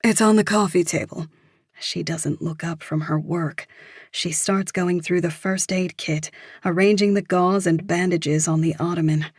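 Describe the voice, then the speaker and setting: A woman narrating a thriller audiobook in a measured, even reading. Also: on the low side, slightly rough, no echo, clean studio sound. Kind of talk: scripted narration.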